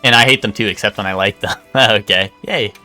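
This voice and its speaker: A man's voice: on the low side, a little fast, bright, forceful tone, soft background music. A young man streaming a game live, rambling and joking with crude banter to his chat. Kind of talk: casual live gameplay chat.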